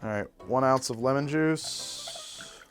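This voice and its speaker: A man's voice: medium pitch, slow, soft background music. A man hosting a cocktail show, chatting casually as he mixes and tastes drinks, rambling and restarting his sentences. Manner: rambling and animated, trailing off and restarting. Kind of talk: casual chat while mixing drinks.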